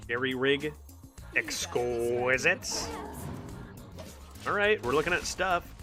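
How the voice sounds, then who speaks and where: A man's voice: fairly high pitch, animated, brisk, music in the background. A young man streaming a card game, talking casually and rambling, repeating words as he goes. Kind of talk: casual live game commentary.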